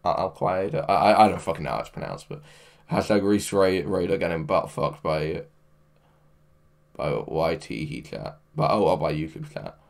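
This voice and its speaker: A man's voice: deep voice, lively intonation, normal speed, vocal fry. A man hosting a livestream, reading chat aloud in a crude, joking way and laughing often. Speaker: livestream host. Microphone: headphones with mic.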